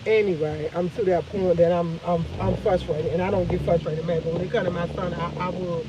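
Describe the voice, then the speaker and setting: A woman's voice: lowish voice, steady tone, a little fast, lo-fi sound, noisy background. A tired woman host on a casual live stream, venting with emphatic repetition and swearing.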